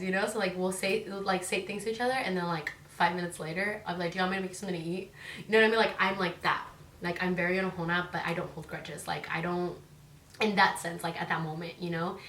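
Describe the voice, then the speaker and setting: A young woman rambles to her camera in a relaxed vlog, peppering every sentence with "like" and tossing in swear words. Her voice sits a touch low and sounds somewhat distant from the mic. The room around her is echoey, with a faint hum of ambience behind. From Northern California. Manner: chatty, heavy on "like" fillers, swears freely. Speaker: vlogger. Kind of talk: casual chat to camera.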